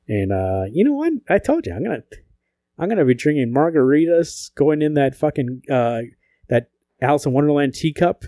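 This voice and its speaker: A man whose voice sits on the high side co-hosts a podcast at a moderate pace, recorded with no echo. He chats casually, joking, swearing, and telling stories with animation.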